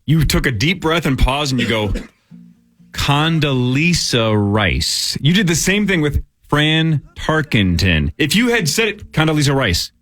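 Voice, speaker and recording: A man's voice: a little high, a little fast, hardly any pauses. Guy hosting sports radio, teasing the crew, bouncy delivery, bit of music under it. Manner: teasing, animated. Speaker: radio show host.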